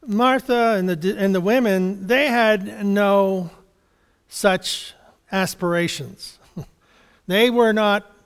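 A man preaching a conversational sermon, reading scripture and explaining it in a halting, chuckling way. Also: high voice, steady tone, clean tone, in a large hall. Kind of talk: sermon Bible study.

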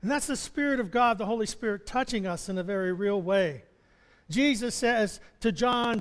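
With a high-pitched voice at normal speed, this male chaplain preaches in a relaxed, conversational way, sharing personal stories. He chuckles often and stumbles into restarts, and the recording has a long hall reverb.

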